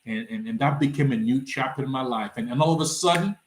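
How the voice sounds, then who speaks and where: Man from Nigeria, podcast guest, animated storyteller, swings pitch when quoting people, mid-range voice, echoey room. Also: quick pace, a little hiss or hum. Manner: lively, acts out quoted dialogue with big swings in pitch. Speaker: nonprofit founder, guest.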